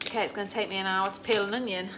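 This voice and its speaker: A woman's voice: mid-range voice, steady tone, rapid-fire. A middle-aged woman hosting a casual live cooking stream from her home kitchen, chatting, greeting viewers by name and joking at her own expense. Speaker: cooking livestream host. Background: children's game noise faintly.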